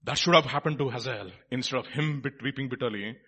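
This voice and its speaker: A male preacher delivers a lively sermon. His voice is bright and a little husky, with a wide, expressive pitch range. He moves between forceful emphasis and hushed, quiet asides. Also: quick pace, few pauses.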